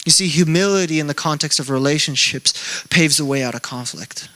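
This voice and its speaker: Young male pastor, bright, slightly high voice, self-mocking conversational sermon style. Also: brisk. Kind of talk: sermon with casual storytelling.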